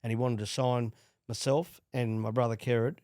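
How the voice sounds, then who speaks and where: A middle-aged Australian man, a former player and coach, telling animated stories in a casual interview. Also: medium pitch, normal speed, no echo, clean studio sound. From Queensland, Australia. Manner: animated storyteller with restarts and laughs. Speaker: guest, former rugby league player and coach.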